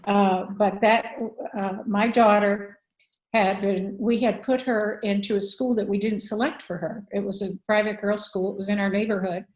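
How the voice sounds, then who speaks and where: A woman's voice: mid-range voice, steady tone, normal speed, poor audio. An older woman, an author and advocate, telling a personal story candidly in a conversational interview, with frequent fillers.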